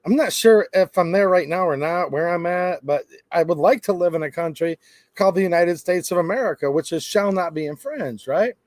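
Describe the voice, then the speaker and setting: Middle-aged male commentator, animated and sarcastic, dry close mic. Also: high voice, a little fast, no room sound. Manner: animated, sarcastic asides, acts out quoted people. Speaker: gun-rights channel host. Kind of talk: opinionated commentary.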